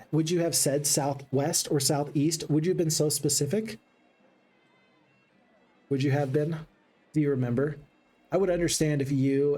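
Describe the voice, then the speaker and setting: A man streaming a strategy game, chatting excitedly to his viewers. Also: a little high. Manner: excitable, chatty, talks to chat. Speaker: gaming streamer. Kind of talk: live game commentary.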